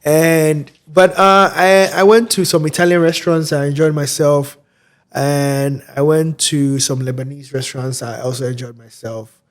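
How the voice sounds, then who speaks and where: A man from Ghana, a guest in a casual interview, explaining things unhurriedly with many fillers and pauses. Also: fairly high pitch, level tone.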